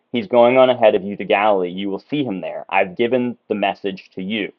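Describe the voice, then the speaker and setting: A man explaining a Bible passage at a whiteboard, talking conversationally with many ums and self-corrections. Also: lowish voice. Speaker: Bible teacher. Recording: slightly dull lo-fi sound.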